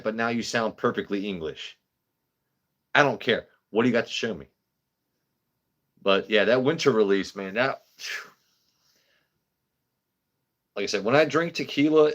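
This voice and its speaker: A man hosting a livestream in casual, rambling chat, swearing freely as he talks. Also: fairly low pitch. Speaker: livestream host.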